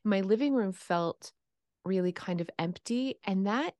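A woman hosting a podcast, talking in a chatty, animated way with lots of fillers over a video call. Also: medium pitch, unhurried, no room sound. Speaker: podcast host. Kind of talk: casual interview chat.

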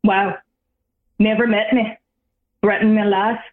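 A woman's voice: mid-range voice, level tone, slow, slight background noise, natural voice. A woman on a phone call voicing a tiny male goblin bard who sounds dry and mock-offended. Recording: tinny phone line.

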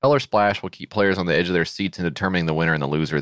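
A man's voice: low-pitched, rapid-fire, fairly bright tone, dry recording, clean studio sound. A man co-hosting a comedy podcast, riffing with sarcastic disbelief in casual chat. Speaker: podcast co-host.

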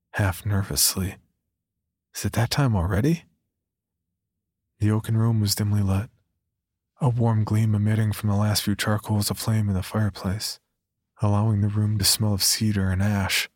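A man reading a horror story aloud in slow, hushed scripted narration with a husky voice. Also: on the low side, dry recording, clean studio sound.

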